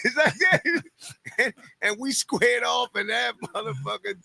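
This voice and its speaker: A man telling comedy stories in a high, very bright and gravelly voice that leaps all over the place. He swings from low mutters to shouted punchlines, with a faint hum of noise behind him. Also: a little slow. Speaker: comedian guest. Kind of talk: animated storytelling.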